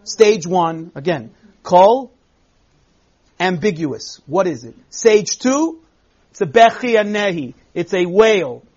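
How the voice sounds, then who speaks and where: A man teaching a Bible text in class, reading verses aloud and explaining them with emphatic, expressive delivery. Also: sits high, takes it slowly, muffled recording.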